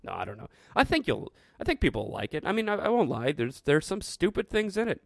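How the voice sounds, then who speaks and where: A man's voice: a little high, sing-song, fast talker, creaky, no room sound, clean studio sound. A man hosting a show, talking through his thoughts in a rambling, reflective monologue with frequent restarts. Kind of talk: casual monologue.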